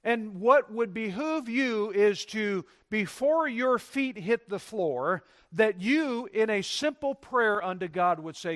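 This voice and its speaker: Male pastor, high voice, emphatic sermon delivery in a church. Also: lively intonation, slow, hardly any pauses. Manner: emphatic preaching with sweeping loud and soft swings.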